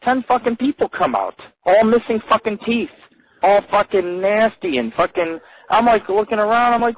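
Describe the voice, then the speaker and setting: A man's voice: sits high, animated, normal speed, no echo, low-quality recording. A man hosting a live radio show, telling crude, rambling stories full of swearing. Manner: profane, swears constantly, rambling.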